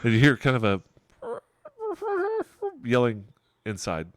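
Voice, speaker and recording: A man's voice: on the low side, a little slow, smooth, dry recording, clean studio sound. A middle-aged man narrating a tabletop game as game master, describing scenes in a rambling, digressive way and chuckling often.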